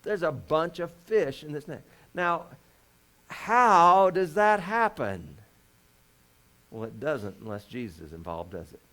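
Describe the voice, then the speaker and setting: A man's voice: medium pitch, lively intonation, normal speed, few pauses. A man preaching a conversational sermon as a pastor, folksy and joking, with lots of rhetorical questions.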